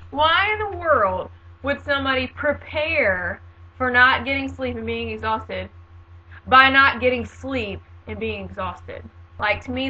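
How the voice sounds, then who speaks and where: A woman in her late twenties talks in a loose, chatty monologue, dropping sarcastic asides and laughing often. Her voice sits a little high and sounds bright and forceful. The audio is dull and lo-fi, like a home video recording. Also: a little hiss or hum. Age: 20s. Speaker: vlogger.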